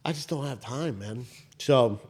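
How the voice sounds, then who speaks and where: Husky and medium-pitched, this podcast co-host in his thirties speaks at a measured pace as he tells a story in casual conversation. He rambles animatedly, keeps restarting, swears often and sprinkles in lots of "I was like" asides.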